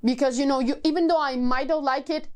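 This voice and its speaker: A woman's voice: high-pitched, fairly even intonation, fast talker. A young woman reviewing books in a casual vlog, exasperated and emphatic, sighing, swearing and repeating herself for effect. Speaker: book vlogger.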